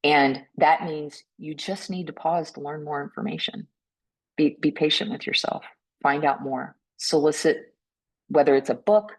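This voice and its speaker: Earnest woman panelist, gentle reflective talk. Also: deep voice, gravelly, low-quality recording. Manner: gentle and earnest, often ends points with a questioning "right?"; frequent restarts and repeated words. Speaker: panelist speaking on mental health.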